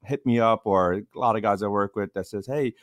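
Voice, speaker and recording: Male co-host, low voice, chatty sports talk, dry sound. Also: fairly quick, no echo. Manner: chatty, repeats "listen" and "you know".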